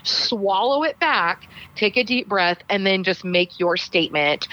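A woman, a speech professor and voice coach, giving deliberate and emphatic advice as a podcast guest. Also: medium pitch, expressive, pushed and bright, lo-fi sound.

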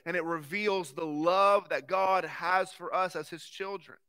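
In his thirties, a male pastor preaches a sermon with a bright, forward voice that is slightly high for a man. His conviction is earnest, and he swings between pushing some lines forcefully and letting others fall almost to a hush.

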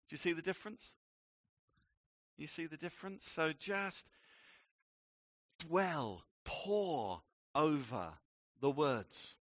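Man, pastor, sermon, unhurried delivery, dry close sound, emphatic and playful. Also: on the high side, big pitch swings, pushed and bright, no room sound. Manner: slow, emphatic teaching with playful asides.

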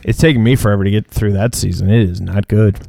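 A man in casual comedic chat, rambling through an anecdote and dropping deadpan quips. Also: fairly low pitch, fast talker, creaky. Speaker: co-host.

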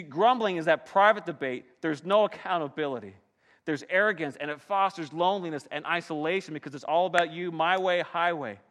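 Bright-voiced man preaching a sermon. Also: a little high, in a large hall. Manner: dynamic preaching, swinging from soft to loud. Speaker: pastor.

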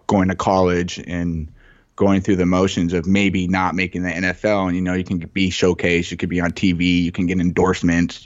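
A man's voice: sits low, dry recording, lo-fi sound. A man co-hosting a podcast, rambling casually and often saying "you know what I mean.". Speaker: podcast co-host. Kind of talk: casual chat.

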